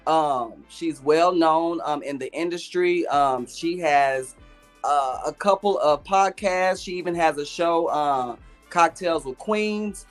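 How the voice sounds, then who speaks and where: Man co-host, casual chat, measured delivery with filler words, faint music behind. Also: on the high side. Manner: measured, sprinkled with ums and uhs. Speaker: podcast co-host.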